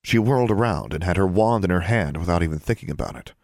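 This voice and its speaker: A man giving measured scripted narration of an audiobook. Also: deep voice, animated, darkish tone, no echo, studio quality.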